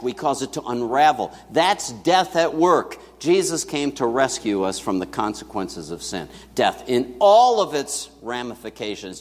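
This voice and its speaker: Pria berkhotbah di aula bergema. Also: male voice, medium pitch, in a large hall. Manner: lively, conversational preaching with asides to the congregation. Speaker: pastor. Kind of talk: sermon. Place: church sanctuary with congregation.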